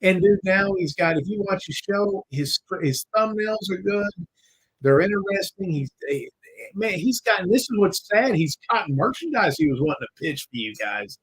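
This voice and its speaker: A man's voice: high-pitched, expressive, moderate pace, fairly bright tone, husky, low-quality recording. A man hosting a live podcast, chatting casually in a rambling, jokey way and swearing now and then. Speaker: podcast host. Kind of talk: casual live-stream chat.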